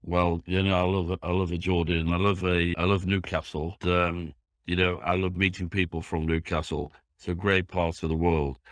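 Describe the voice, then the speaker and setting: A man's voice: sits low, little pitch movement, moderate pace, dry recording, clean studio sound. A man with a Yorkshire accent hosting a business podcast, asking chatty, enthusiastic, rambling questions. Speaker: podcast host.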